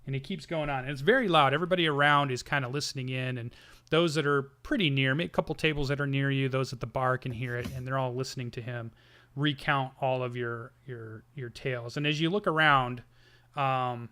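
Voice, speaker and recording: A man running a tabletop game, telling the scene with a bright, forward voice. He rambles and restarts mid-sentence in lively, animated narration. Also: mid-range voice, fairly quick, clear, resonant tone. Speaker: game master.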